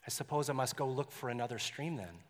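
A man's voice: mid-range voice, expressive, fast talker, close to an everyday voice. A man voicing a frightened, thirsty young girl who pleads timidly, read in a reverberant hall. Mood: fearful.

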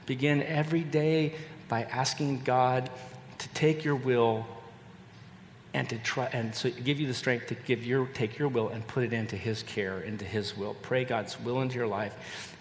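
An older pastor with a mid-pitched, fairly even voice gives a sermon in an earnest, measured way, often repeating a phrase for weight. His voice rings out in a large hall with a long reverb tail and a faint hum of ambience.

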